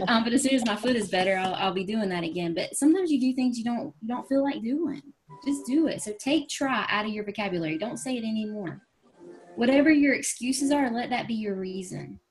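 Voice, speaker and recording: A woman's voice: on the high side, expressive, fast, slight background noise. A woman, giving an emphatic motivational talk on a team call and acting out the voices in her stories. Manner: emphatic storytelling, acts out quoted voices. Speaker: network marketing team leader.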